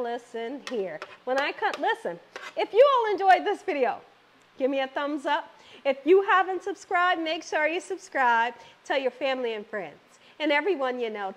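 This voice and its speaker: A middle-aged woman hosting her home cooking channel, chatting exuberantly and speaking straight to her viewers. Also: high-pitched. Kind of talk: casual cooking vlog chat.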